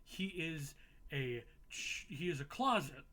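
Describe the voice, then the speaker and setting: A man's voice: fairly high pitch, lively intonation, takes it slowly, bright, forceful tone. A young man casually recapping a game playthrough, swearing freely and laughing at himself. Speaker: gaming YouTuber.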